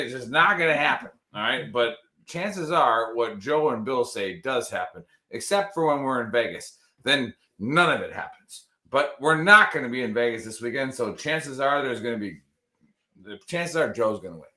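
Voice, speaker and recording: A man's voice: mid-range voice, lively intonation, normal speed, bright, forceful tone, reverberant. A man hosting a live show in a loose, joking, rambling way, casual banter with his co-hosts. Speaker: podcast host.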